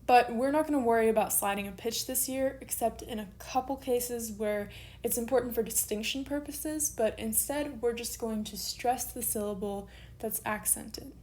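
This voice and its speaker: A woman teaches a recorded online lesson in a slightly high voice. She moves at a patient pace and slows down to spell out letters one by one. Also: darkish tone, slight background noise.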